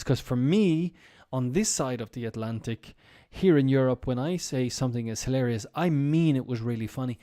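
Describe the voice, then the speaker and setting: A man's voice: mid-range voice, moderate pace, warm tone. A man teaching English in a casual live-streamed lesson, explaining step by step with frequent ums and restarts.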